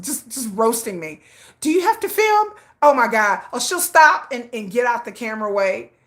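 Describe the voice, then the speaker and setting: A woman hosts a relaxed livestream, chatting with her viewers and telling stories about a friend. Her pitch swoops up and down as she acts out both sides of each exchange, quoting her friend and then herself. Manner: animated storytelling, acting out a friend's lines, frequent laughs; reads and answers viewer chat. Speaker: livestream host. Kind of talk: casual livestream chat.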